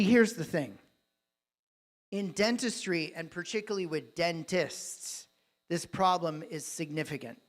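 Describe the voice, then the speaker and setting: A man giving a keynote talk on a live conference stage, telling a story with dramatic swings between loud and hushed delivery. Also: fairly high pitch. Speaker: dentist and coach, keynote speaker.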